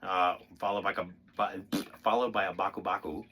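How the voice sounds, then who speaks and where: A lower-voiced man walks through drum patterns in an easy, rambling way, swearing now and then and counting the beats out loud. Steady drum pad playing sits loud behind his voice. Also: a little fast, loud music behind the voice. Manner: loose, profane and rambling, counting beats aloud. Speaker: drummer demonstrating rudiments. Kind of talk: casual spoken demonstration.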